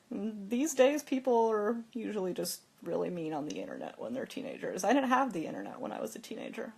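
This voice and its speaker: A woman's voice: mid-range voice, very animated, moderate pace, vocal fry, a little mellow, breathy edge. A young woman hosting a phone livestream, telling a story in a chatty, casual way with lots of "like" and frequent laughs. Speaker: livestream host.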